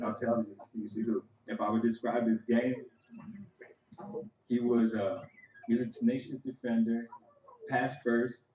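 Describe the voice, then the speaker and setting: A man's voice: medium pitch, flat delivery, normal speed, pauses often, echoey room, muffled recording. A man, a son, giving a conversational, story-filled eulogy for his father at a funeral. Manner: conversational and storytelling, with frequent "you know" asides. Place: church sanctuary.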